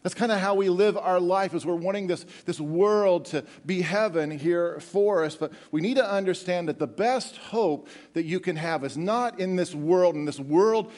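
A middle-aged man preaching a sermon, animated and joking with the congregation, often repeating words as he goes. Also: high-pitched, normal speed, few pauses. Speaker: pastor.

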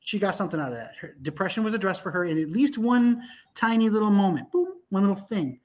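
A man with a slightly high voice talks as a filmmaker guest in a loose podcast chat. He tells stories emphatically and swears often. He doubles back and restarts his sentences as the words pour out. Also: animated, quick pace, darkish tone. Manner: profane, emphatic storytelling with frequent restarts. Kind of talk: animated casual podcast conversation.

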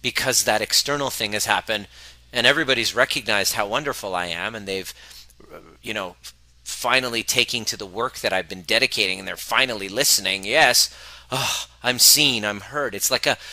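Bright-voiced man coaching earnestly. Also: on the low side, a little fast, no room sound, poor audio. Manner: earnest, self-reflective, acts out inner voices. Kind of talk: live coaching talk.

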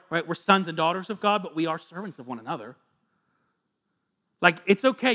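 A man in his thirties preaching a sermon as a pastor, earnest and confessional, moving between hushed asides and fervent appeals. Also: sits high.

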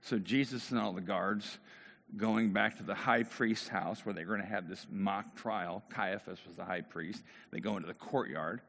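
A pastor preaches a sermon, telling a story and acting out the voices of its characters. His voice is fairly low, creaky and a bit bright at normal speed, with long hall reverb around it.

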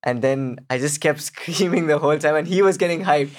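A young man, a guest, telling a personal story in casual chat, animated and quoting others as he goes. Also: a little high, fast talker, hardly any pauses. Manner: animated, quotes others in acted voices.

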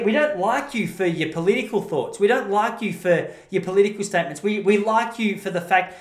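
Blunt, rambling Australian man in a roomy echo. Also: sits high. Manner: rambling, blunt, self-correcting. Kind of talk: opinionated monologue.

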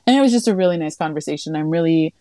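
A woman's voice: racing, no room sound, studio quality. A woman co-hosting a podcast, chatting casually and telling stories, acting out what people said with big jumps in her voice. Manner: chatty storyteller, acts out quotes with animated pitch jumps. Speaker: podcast co-host. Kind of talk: casual chat.

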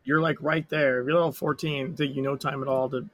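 A hoarse man with a sore throat, chatting and swearing excitedly while playing an online game with friends. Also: medium pitch, fairly quick, a little hiss or hum. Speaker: fellow player. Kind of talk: casual gaming chat.

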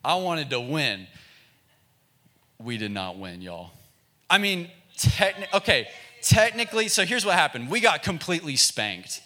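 Bright-voiced man telling a funny sermon story. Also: a little high, sing-song, unhurried. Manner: casual, self-mocking, chatty with fillers. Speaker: youth pastor.

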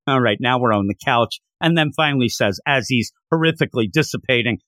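A young adult man casually recapping a comic, chatty and excitable, laughing often. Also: mid-range voice, fairly quick, hardly any pauses, dry recording, clean studio sound. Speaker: comic book reviewer.

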